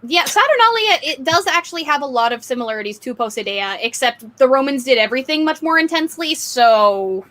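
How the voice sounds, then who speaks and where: A woman's voice: high voice, sing-song, fairly quick, few pauses, a bit bright. A woman hosting a casual livestream hangout, chatting with guests and reading out super chats, laughing often. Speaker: host.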